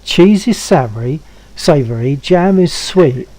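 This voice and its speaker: A man's voice: on the high side, animated, unhurried, warm tone, dry recording, low-quality recording. A man in his seventies hosting a stream, chatting casually and coaxing a friend to try something. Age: 70s. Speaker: stream host. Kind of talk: casual chat.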